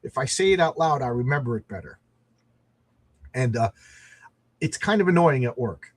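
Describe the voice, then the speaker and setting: A man's voice: mid-range voice, animated, moderate pace. A middle-aged man hosting a comic book show, chatting casually and rambling in a self-deprecating way. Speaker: comic podcast host.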